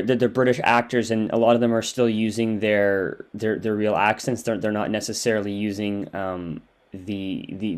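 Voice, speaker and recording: Halting male interviewer. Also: lowish voice, darkish tone. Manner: hesitant, repeats words while asking. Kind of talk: interview questions.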